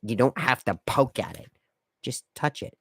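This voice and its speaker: A man's voice: mid-range voice, lively intonation, moderate pace, creaky, fairly bright tone, slightly rough, no echo, studio quality. A man hosting a casual solo podcast, laying out etiquette rules in a wry, lecturing way. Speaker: podcast host.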